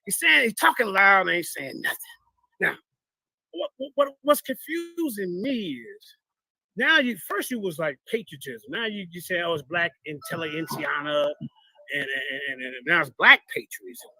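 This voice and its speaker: Boastful high-pitched gravelly man. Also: very animated, a little slow, sharp tone. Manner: boastful, mocking, repetitive, addresses chat as "y'all". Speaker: streamer reacting to debate clips. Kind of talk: trash-talking live commentary.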